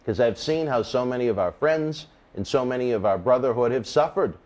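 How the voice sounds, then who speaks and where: A man hosting a wrestling interview, reading promos and chatting casually. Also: fairly quick. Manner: upbeat promo delivery, lively pitch. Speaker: interview host.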